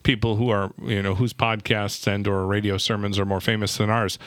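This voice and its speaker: A man's voice: lowish voice, little pitch movement, brisk, fairly bright tone, no echo. A man co-hosting a pastors' podcast, rambling and chatty with wry humor. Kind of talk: casual podcast chat.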